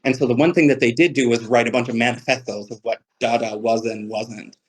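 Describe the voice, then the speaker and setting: A man's voice: mid-range voice, steady tone, a little fast, rough recording. Man, poet on a livestream, rambling, profane, self-mocking, webcam mic. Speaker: poet giving a reading. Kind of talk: casual livestream talk about poetry.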